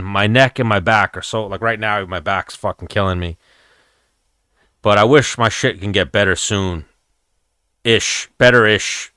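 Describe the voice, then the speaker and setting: A young man with a lowish, pushed, bright yet smooth voice hosts a livestream, rambling loosely and swearing a lot while chatting with live chat. The recording is dry with clean studio sound.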